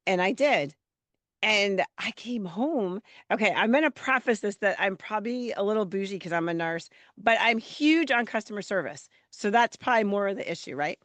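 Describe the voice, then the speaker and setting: A woman hosting a podcast who tells stories in a chatty, animated way while getting over a head cold. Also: mid-range voice, moderate pace, no room sound. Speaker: podcast host. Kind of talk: podcast conversation.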